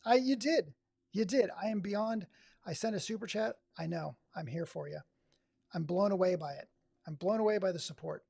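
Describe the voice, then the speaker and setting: A man's voice: sits high, normal speed, vocal fry, dark tone, husky, no room sound, clean studio sound. A man from Oregon hosting a live stream, giving sarcastic, exasperated running commentary. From Oregon, USA. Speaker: livestream host.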